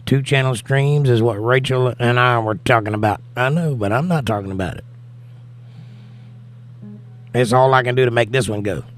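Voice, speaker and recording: A man's voice: medium pitch, fairly quick, soft background music. Tired American man reading stream chat. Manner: reads viewer comments aloud and answers them. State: tired, has not slept. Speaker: livestream host reading chat. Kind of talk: casual livestream chat.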